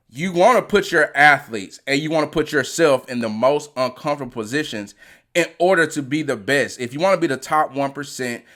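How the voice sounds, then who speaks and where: A man, an athletic trainer and podcast host, giving an animated motivational talk and often restarting his phrases. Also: medium pitch.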